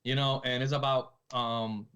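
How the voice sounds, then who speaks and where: A man's voice: mid-range voice, little pitch movement, a little slow, fairly bright tone, smooth. A man in his forties co-hosting a podcast, chatting casually and rambling as he retells scenes. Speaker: podcast co-host. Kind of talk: casual chat.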